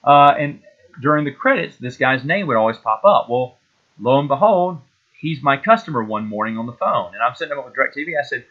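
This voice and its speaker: Man in his forties, mid-pitched, loose and rambling, slightly muffled lo-fi recording. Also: lively intonation, fairly quick. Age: 40s. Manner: rambling, nostalgic, full of fillers and restarts. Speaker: podcast host. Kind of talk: casual solo chat.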